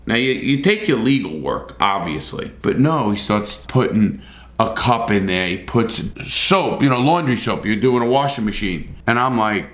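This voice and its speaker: A man's voice: mid-range voice, animated, normal speed, a bit bright, reverberant. A middle-aged man telling a story in a blunt, profane, casual way, with repeated starts.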